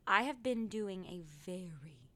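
A woman's voice: mid-range voice, a little slow. A woman in her thirties co-hosting a casual podcast, telling stories animatedly about her kids. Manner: animated storytelling, acts out her kids' voices. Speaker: podcast co-host. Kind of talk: casual chat.

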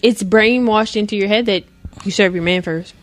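A woman's voice: mid-range voice, normal speed, no room sound. A woman co-hosting a casual podcast chat, talking in an emphatic, lecturing way as she hands out advice. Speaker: podcast co-host.

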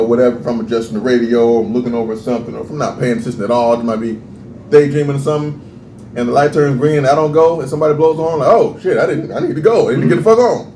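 A man co-hosting a casual podcast, ranting in an animated, profane way and laughing often. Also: mid-range voice. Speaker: podcast co-host. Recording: roomy echo, faint background noise.

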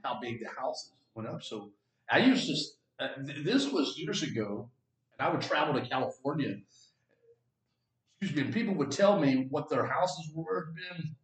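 A man's voice: fairly high pitch, animated, normal speed. A man from Texas chatting casually as a podcast co-host, rambling with restarts and fillers. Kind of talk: casual chat. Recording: roomy echo, a bit far from mic.

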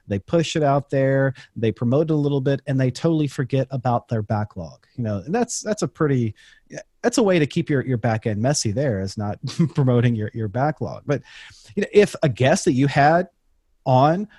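A man's voice: mid-range voice, expressive, moderate pace, warm tone, dry recording, clean studio sound. A man, a podcast director, explaining his advice casually as a guest on a podcast. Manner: conversational, explains with examples, frequent restarts. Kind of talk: casual interview talk.

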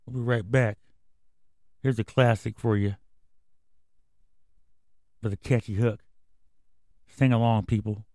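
A man's voice: on the low side, fairly even intonation, takes it slowly, long pauses, a little mellow, dry recording, studio quality. A man hosting a comedy radio show, ranting in a profane, rambling, conspiratorial way. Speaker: host. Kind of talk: casual radio rant.

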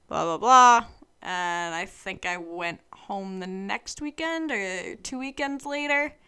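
A woman's voice: medium pitch, pushed and bright, clean tone. A young woman of about twenty telling a personal story to her vlog audience in a chatty, rambling way full of fillers. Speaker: vlogger.

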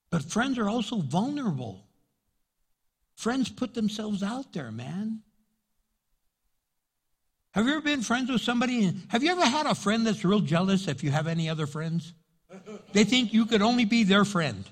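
An older man preaching a sermon as pastor, in an animated, folksy way. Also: sits high, moderate pace, long pauses, slightly rough. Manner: animated, folksy, acts out quotes in voices.

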